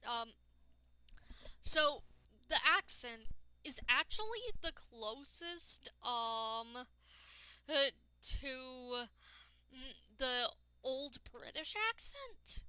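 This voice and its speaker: A woman streaming a game and chatting casually with her viewers. She talks in a rambling way, addresses chat directly and sounds tired and low-energy. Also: drawn-out words, long pauses, bright, forceful tone, clean tone, no echo, rough recording. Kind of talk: casual live-stream chat while gaming.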